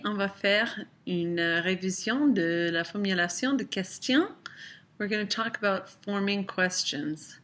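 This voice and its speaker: A woman teacher explaining grammar clearly in a recorded lesson, reading slow example sentences. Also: mid-range voice, a bit bright. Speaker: French teacher.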